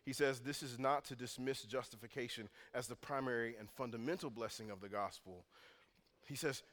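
A man preaching a sermon as pastor, moving from calm teaching to loud, intense passages. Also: mid-range voice, fairly quick. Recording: long hall reverb.

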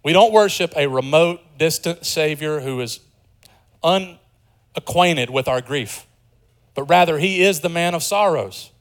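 Earnest male preacher, hushed to emphatic. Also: on the high side, measured pace. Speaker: pastor. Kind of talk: sermon.

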